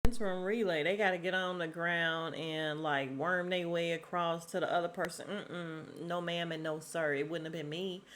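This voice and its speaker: Woman host, casual show recap, sassy and gossipy, lowish voice. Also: fairly even intonation, moderate pace, hardly any pauses, a bit bright. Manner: sassy, chatty, laughs often. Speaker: podcast host.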